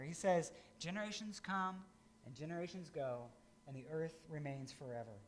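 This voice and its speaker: A middle-aged man from rural Indiana giving a conversational, folksy sermon as pastor. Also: high voice.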